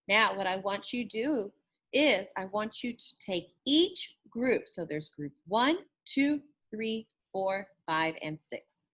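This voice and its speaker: Woman teacher, slightly high voice, super slow and patient, drags out the sounds. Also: a bit bright. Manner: slow, encouraging, drawn-out praise; stretches and repeats words to model sounds. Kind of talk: recorded classroom lesson.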